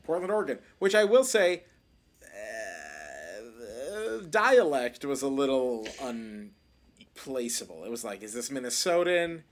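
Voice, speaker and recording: A man co-hosting a film podcast, relaxed and casual, his sentences often trailing off. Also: medium pitch, slow. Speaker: podcast co-host.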